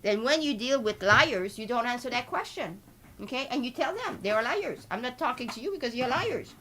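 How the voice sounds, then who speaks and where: A woman from Canada with a Quebec French accent, hosting a live market commentary in an excitable way and peppering her talk with filler tags. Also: on the high side, fairly quick, slight background noise. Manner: excitable, switches between French and English, full of filler tags. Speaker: host.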